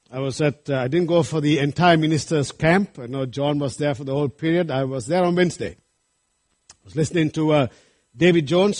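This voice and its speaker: A man's voice: on the high side, a little mellow. A man preaching a sermon, earnest and rising to fervent appeals to his congregation. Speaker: pastor.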